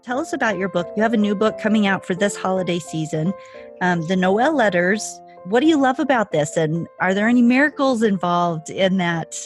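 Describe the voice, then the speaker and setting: A woman's voice: medium pitch, expressive, brisk, over music. A woman hosting a podcast interview who speaks with effusive enthusiasm to her guests. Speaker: podcast host.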